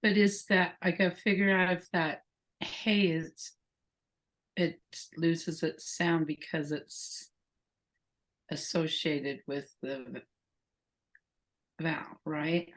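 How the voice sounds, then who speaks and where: A woman's voice: deep voice, fairly even intonation, slow pace, long pauses, low-quality recording. A woman student in a language lesson, thinking aloud hesitantly and asking questions. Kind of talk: tutoring session.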